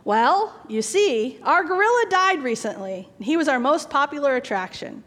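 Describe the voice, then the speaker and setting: A businesslike male zoo director, as a woman puts him on, explains matters plainly in a high, lively voice. The sound rings with a long reverb. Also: moderate pace. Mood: explaining.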